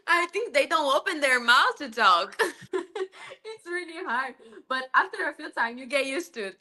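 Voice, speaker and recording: A woman from Brazil speaks English in a relaxed live chat. Her voice is bright and a little high, and she laughs often as she tells workplace stories. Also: moderate pace. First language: Portuguese. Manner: laughs often, animated storytelling. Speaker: guest, former cruise ship buffet administrator. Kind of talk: casual live interview.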